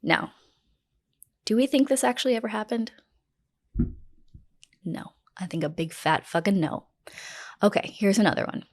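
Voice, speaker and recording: A woman's voice: medium pitch, animated, moderate pace, pauses often. Blunt, sarcastic woman in her late twenties. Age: late 20s. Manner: blunt, sarcastic, swears freely. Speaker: podcast host. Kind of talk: true crime storytelling.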